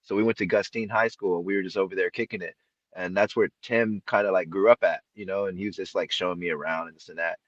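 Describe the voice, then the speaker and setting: A man's voice: low voice, fairly even intonation, quick pace, a bit bright, dry recording. A young man on a stream panel telling a story in a laid-back, profane way. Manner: laid-back, profane, acts out quoted voices. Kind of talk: casual storytelling. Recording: dull, dry lo-fi call audio.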